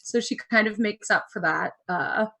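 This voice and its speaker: A woman's voice: mid-range voice, moderate pace, gravelly, sharp tone. A woman who is a player in a tabletop game, casually describing her character over a video call.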